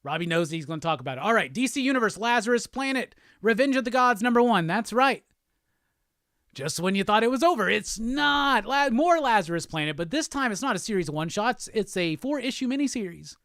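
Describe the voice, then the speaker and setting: A middle-aged man hosting a casual live stream, excitedly rapping along to old songs and swearing as he chats. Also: sits high, a little fast, dry recording, clean studio sound. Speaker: host.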